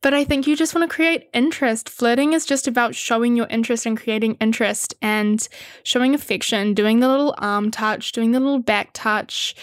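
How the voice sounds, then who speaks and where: A woman's voice: on the high side, moderate pace, smooth, no room sound, studio quality. A young woman chatting candidly with viewers, swearing freely and laughing often. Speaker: content creator answering viewer questions. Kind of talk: casual chat with viewers.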